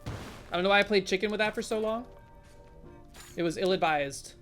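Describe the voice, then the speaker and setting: A woman streamer gives casual live commentary on a game, chatting with her viewers and breaking into sudden startled exclamations. She speaks at normal speed in a mid-range voice over soft background music.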